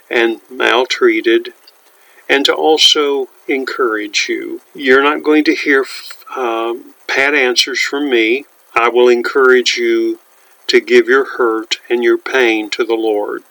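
Slow, gravelly-voiced man, earnest and pastoral. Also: medium pitch, bright, forceful tone, poor audio. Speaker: podcast host and minister. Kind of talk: devotional podcast with prayer.

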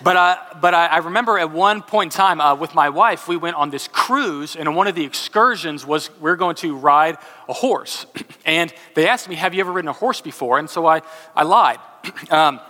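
A male preacher from Texas delivers a sermon in a fairly high, bright voice. He drifts easily into casual, self-mocking storytelling. A long hall reverb trails behind each phrase. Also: animated, moderate pace. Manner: conversational, self-deprecating storyteller. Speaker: pastor.

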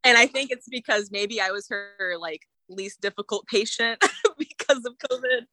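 A woman's voice: a little high, moderate pace, dry recording, low-quality recording. A woman in her late twenties, telling a personal story in casual conversation with frequent laughs and fillers. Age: late 20s. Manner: animated, laughs often, many fillers. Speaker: guest sharing her story.

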